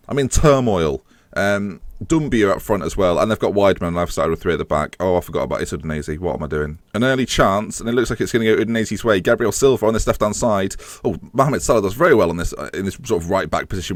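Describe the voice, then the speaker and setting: A man with a sarcastic, animated manner, commentating on his own football management game as a gaming YouTuber. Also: lowish voice, no echo. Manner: animated, sarcastic, swings between mock-commentary and exasperation.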